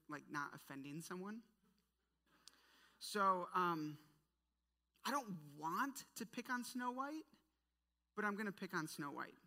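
A woman leading a casual, animated Bible study, talking conversationally with playful asides. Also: mid-range voice. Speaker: Bible teacher. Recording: long hall reverb.

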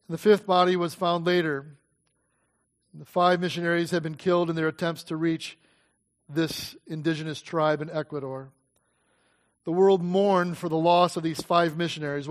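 A preacher with a notably high voice recounts a story from the pulpit. He speaks earnestly and dramatically, letting pauses hang for effect. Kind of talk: sermon storytelling.

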